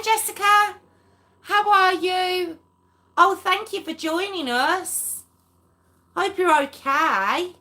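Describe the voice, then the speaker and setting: A woman with a medium-pitched, fairly bright voice hosts a true crime livestream. She chats casually with her viewers, laughs often, and calls them by name.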